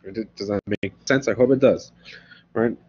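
A man lecturing on philosophy in a relaxed, conversational manner, often pausing to ask his listeners "right?". His voice sits low and has a husky edge. The recording is dull and lo-fi.

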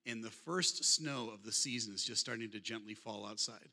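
A man's voice: on the low side, normal speed, sharp tone. A man in his fifties, a guest speaker telling humorous stories and talking directly to his audience in a conversational way. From Michigan, USA. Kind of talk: storytelling talk. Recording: long hall reverb.

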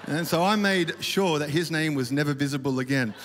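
A man's voice: a little high, brisk, noisy background. A man giving a casual, rambling talk at a church conference, full of fillers and self-deprecating asides. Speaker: worship leader speaking at a conference. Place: large auditorium stage. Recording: reverberant hall, faint ambience.

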